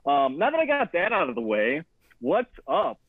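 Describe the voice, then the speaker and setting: An energetic young man in his twenties jokes around as a podcast guest, slipping into mock announcer lines. His slightly high voice comes through a dry, tinny, phone-like line. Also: normal speed, no room sound. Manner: goofy, energetic, jokey announcer bits. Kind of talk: casual chat.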